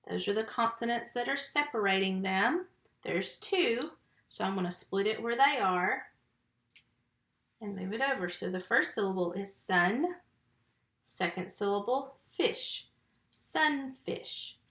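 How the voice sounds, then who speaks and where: In an unhurried, mid-range voice with a fairly bright tone, a woman records a phonics lesson for young first graders from her home. Patiently, she sounds out letters and syllables individually into a computer mic, and the room is echoey.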